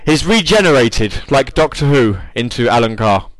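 A man's voice: medium pitch, lively intonation, normal speed, no room sound, rough recording. A British man hosting an online radio show, rambling and joking at his own expense in casual chat. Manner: rambling, jokey, self-mocking.

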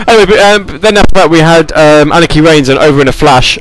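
A man's voice: a little high, quick pace, few pauses, rough recording. A man hosting a gaming and music stream, chatting casually and rambling with fillers and asides. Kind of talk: casual chat.

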